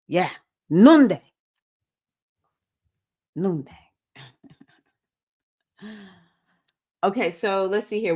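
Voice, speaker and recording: A woman with a Southern accent hosting a livestreamed spiritual circle for women, talking in an earnest, preachy way with bursts of excitement. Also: medium pitch. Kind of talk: livestream talk to a women's group.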